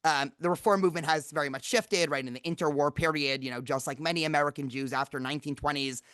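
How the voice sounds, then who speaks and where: A man's voice: fairly high pitch, fairly even intonation, fast talker, fairly bright tone, clean tone, dry recording, clean studio sound. A young adult man hosting a podcast interview, lecturing and often checking in with "right?" and "you know". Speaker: podcast host, campus rabbi.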